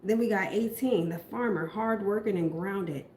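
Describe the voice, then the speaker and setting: A woman's voice: medium pitch, normal speed, a little mellow, a little hiss or hum. Blunt, profane woman tarot reader. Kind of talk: casual tarot reading. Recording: roomy echo.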